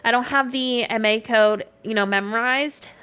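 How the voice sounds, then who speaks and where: A woman from Canada talks casually on a live stream with a slightly high voice, her Canadian accent blending with a Southern American twang. She answers her chat in a chatty, easygoing flow, full of "like" fillers. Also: normal speed, a bit bright, clear, resonant tone. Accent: Canadian mixed with American Southern. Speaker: game streamer.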